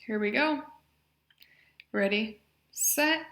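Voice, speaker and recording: A young woman leading a speech exercise class, encouraging and modeling loud, drawn-out vowels and short phrases. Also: medium pitch, steady tone, reverberant. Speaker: speech therapy exercise leader.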